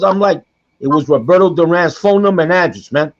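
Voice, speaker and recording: Animated high-voiced man telling a story. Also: a little fast. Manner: animated, acts out quoted voices, repeats himself. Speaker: guest storyteller. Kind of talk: casual podcast storytelling. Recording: dull lo-fi podcast audio.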